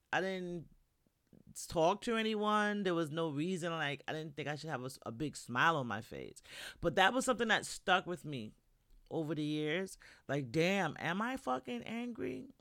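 A New York woman hosts a podcast, speaking straight to the listener in a casual monologue full of blunt, profane, candid storytelling. Her voice is lowish with a fairly bright tone, and the recording is dry, in a dead room.

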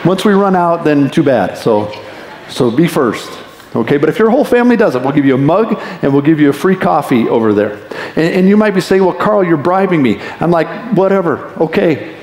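A man's voice: a little high, animated, a little mellow. Conversational male pastor in an echoey hall. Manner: conversational preaching, with quick asides and mock inner voices. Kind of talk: sermon. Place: church sanctuary. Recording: echoey church hall reverb.

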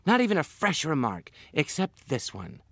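An actor voicing a weaselly, smarmy cartoon man with a loud, showy comic delivery. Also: on the high side, wildly swooping pitch, normal speed, vocal fry, dry recording, heavily acted. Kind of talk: cartoon voice acting.

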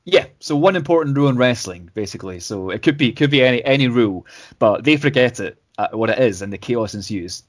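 A man's voice: medium pitch, lively intonation, fast. A man hosting a casual podcast, laughing often and stumbling over repeated words. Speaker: podcast host.

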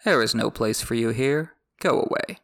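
A man voicing ancient stone statue kings who mutter hostile words in a hushed, whispery voice. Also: mid-range voice, animated, moderate pace, vocal fry.

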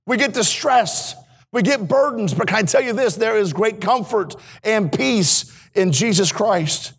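A man preaching a sermon in a church as a missionary, earnest and swinging between hushed and emphatic delivery. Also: high-pitched, vocal fry, breathy edge. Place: church sanctuary.

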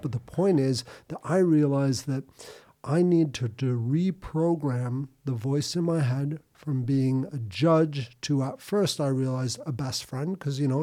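A man in relaxed podcast conversation, his voice mellow and warm. He speaks reflectively, pausing and restarting as he works through his thoughts, at a middling pitch. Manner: reflective, halting, many restarts. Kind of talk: casual podcast chat.

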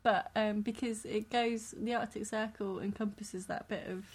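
A woman's voice: mid-range voice, steady tone, moderate pace, husky. A woman from the UK co-hosting a podcast in casual chat, giggly and rambling. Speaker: podcast co-host.

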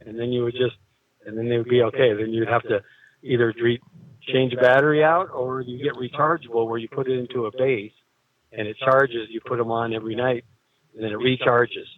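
A patient, polite man answers the phone as a store clerk. His voice is mid-pitched. It comes through a narrow, tinny phone line. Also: fairly even intonation, fairly quick, a crowd in the background.

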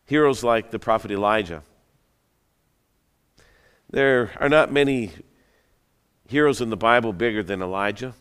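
A man's voice: fairly low pitch, a little slow, pauses often, a bit bright, smooth. A man preaching a sermon, retelling a story in a conversational, dramatic way with joking asides. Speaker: pastor. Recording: long hall reverb.

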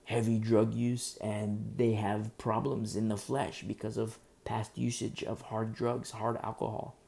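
A male pastor preaching a sermon in a dark, mellow voice with a gravelly fry. He repeats phrases for emphasis and often stumbles and restarts mid-sentence. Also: fairly low pitch, monotone, measured pace. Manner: repetitive, emphatic, with frequent restarts.

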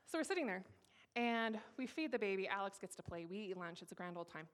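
A woman in her thirties gives a personal testimony, telling her story in a candid, humorous, lively way. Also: medium pitch, fairly quick. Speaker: speaker giving a personal testimony.

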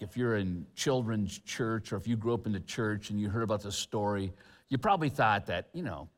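A man preaching a sermon as pastor, animated and chatty, with humorous asides. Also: lowish voice. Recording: long church hall reverb.

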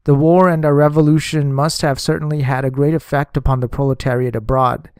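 A man's voice: a little high, little pitch movement, a little fast, clear, resonant tone, dry recording, clean studio sound, close to an everyday voice. A man voicing an insistent, irritable male communist official who argues heatedly. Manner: argumentative, hot-tempered.

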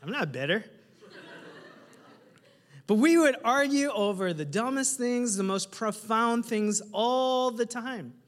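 Animated high-voiced male pastor in a reverberant hall. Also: takes it slowly, long pauses. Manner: animated, humorous, asks the congregation questions. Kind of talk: sermon. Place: church hall with a congregation.

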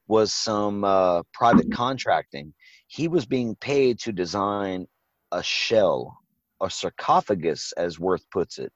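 A low-voiced man rambles through a movie recap in casual podcast chat, swearing freely and acting out lines from the film. The sound is dry and close, with a dull, lo-fi tone. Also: no room sound. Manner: profane, rambling, acts out quotes. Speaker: podcast host.

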